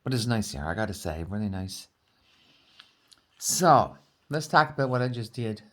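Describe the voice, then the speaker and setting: A woman's voice: a bass voice, expressive, moderate pace, a bit bright. Chatty woman with a Newfoundland accent. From Newfoundland, Canada. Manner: chatty, laughs often, talks to viewers. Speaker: crafting vlogger. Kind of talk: casual chat while crafting.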